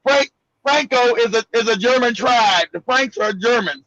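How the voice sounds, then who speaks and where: Man, very high voice, brash, profane, dull dry lo-fi audio. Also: moderate pace, a bit bright, no echo. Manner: brash, profane, laughs often. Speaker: show host. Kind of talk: casual political talk show.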